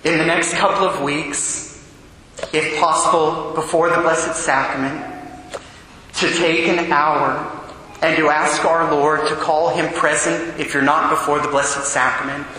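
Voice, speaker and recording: A man, a Catholic priest, preaching a sermon in an earnest, deliberate way, slowing down on key phrases. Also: fairly high pitch, flat delivery, pushed and bright. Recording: echoey church hall, faint noise.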